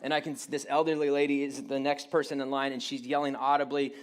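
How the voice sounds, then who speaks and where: A man's voice: mid-range voice, flat delivery, quick pace, clear, resonant tone. A man in his late thirties preaching a sermon, telling a rambling, self-deprecating story with frequent restarts. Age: 30s. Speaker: pastor.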